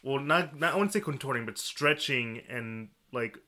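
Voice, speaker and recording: A man co-hosting a podcast, discussing a film in casual chat, halting and restarting as he searches for words. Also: mid-range voice, animated, pushed and bright. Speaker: podcast co-host.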